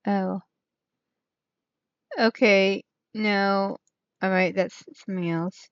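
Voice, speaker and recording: A woman's voice: medium pitch, steady tone, takes it slowly, clear, resonant tone, no room sound. Rambling woman streamer, dull dry mic. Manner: rambling, trails off and restarts, thinks aloud. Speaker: channel host. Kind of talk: rambling casual livestream chat.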